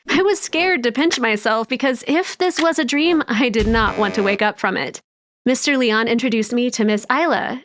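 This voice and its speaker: A woman tells a first-person storytime with wide-eyed earnestness. Her voice sits a little high for a woman.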